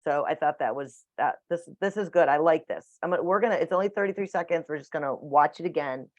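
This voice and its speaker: A woman's voice: deep voice, fast talker, dry recording. A woman teaching a dog training class over a video call, chatty and matter-of-fact. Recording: dull dry video call audio.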